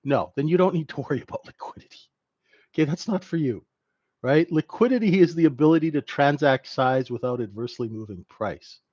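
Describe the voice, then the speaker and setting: A man's voice: a little high, animated, a little fast, darkish tone, no echo, muffled recording. A man teaching a live trading class in a conversational way, who keeps checking in with "right?". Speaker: trading instructor.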